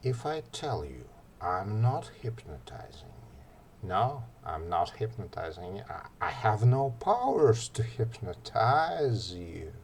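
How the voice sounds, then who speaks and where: Man, deep low voice, slow unhurried talk, soft-spoken teaching, faint hiss behind. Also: big pitch swings. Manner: slow, soft-spoken, drops to near-whisper for example phrases; hesitant, many fillers. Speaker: ASMR artist giving advice. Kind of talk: instructional talk.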